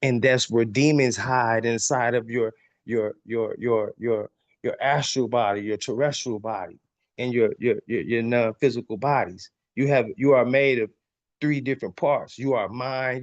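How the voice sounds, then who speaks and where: A man's voice: mid-range voice, normal speed, dull audio. A man hosting a podcast, teaching on spiritual topics in a preachy way, reading passages aloud and repeating lines for emphasis, often stumbling over repeated words. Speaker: podcast host.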